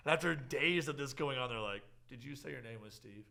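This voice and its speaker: Bright-voiced man telling bar stories. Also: medium pitch, fairly quick, gravelly. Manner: animated storyteller, acts out quotes, laughs often. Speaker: podcast host. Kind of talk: casual chat.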